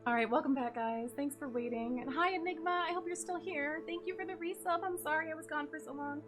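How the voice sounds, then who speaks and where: A woman livestreaming a game with friends, excitable and loud, swearing freely and often breaking into laughter. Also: high-pitched, a little fast, music in the background. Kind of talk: casual gaming livestream chat.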